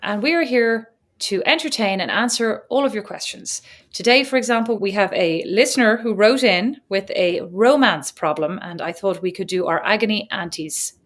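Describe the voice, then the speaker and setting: Woman co-host in her 40s, chatty and quick to laugh, casual podcast banter. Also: mid-range voice, fairly bright tone. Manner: chatty, laughs often, acts out kids' voices. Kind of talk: casual chat.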